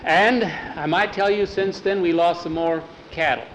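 A man's voice: high-pitched, normal speed, fairly bright tone, slight background noise, low-quality recording. A man voicing an earnest ranch foreman in a spoken western story, talking plainly and seriously. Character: earnest middle-aged male ranch foreman.

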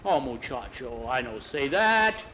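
A man's voice: medium pitch, sing-song, measured pace. A man voicing a bossy ranch boss, barking orders in broken English. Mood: commanding. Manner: loud, commanding, broken English. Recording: dull lo-fi, faint vehicle noise.

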